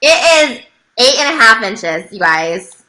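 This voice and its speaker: Bright, lively high-voiced woman. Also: slow pace, rough recording. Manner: blunt, teasing, bubbly. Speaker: guest. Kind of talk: casual livestream chat.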